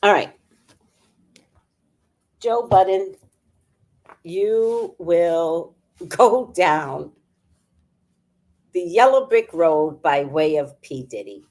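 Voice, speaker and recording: A woman's voice: fairly low pitch, expressive, very slow, long pauses, a little mellow. A woman hosting a casual livestream, chatting with viewers, laughing often and greeting people by name. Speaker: livestream host.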